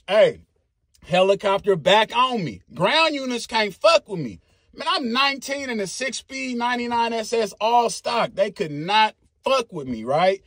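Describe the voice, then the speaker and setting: A man, telling a story casually in a very high, husky voice. He talks in an animated, profane way and makes his own sound effects. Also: unhurried, dry recording, studio quality.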